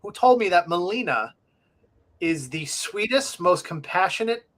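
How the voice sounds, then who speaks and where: A man's voice: high-pitched, expressive, unhurried, a bit bright. A middle-aged man from Long Island co-hosting a casual talk show, rambling and self-deprecating with many restarts. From Long Island, New York. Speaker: co-host. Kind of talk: casual podcast chat.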